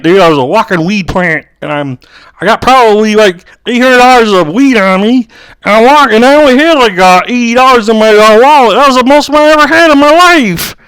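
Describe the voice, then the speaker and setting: Rambling through a funny story, this young co-host keeps calling people "dude." His voice sits high with a fairly bright, clean tone, captured in a dry recording.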